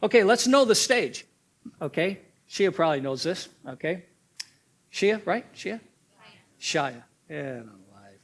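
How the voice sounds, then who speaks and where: A man leads a drama workshop in a fairly high voice. He explains stagecraft in a teaching tone. He drives home each point by repeating it and checking in with "okay?". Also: very animated, normal speed. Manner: instructive, tags points with "okay?"; repeats key points for emphasis. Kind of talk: teaching seminar.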